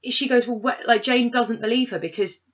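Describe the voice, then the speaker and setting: A woman's voice: on the high side, brisk, muffled recording. A woman co-hosting a casual review chat, animatedly acting out characters' lines as she rants. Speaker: podcast co-host reviewing a film.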